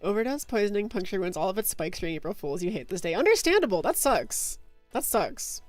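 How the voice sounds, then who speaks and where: A woman's voice: mid-range voice, lively intonation, a little fast, a little mellow, no room sound, soft background music. A young woman streaming, chatting casually and giggling as she reads chat aloud.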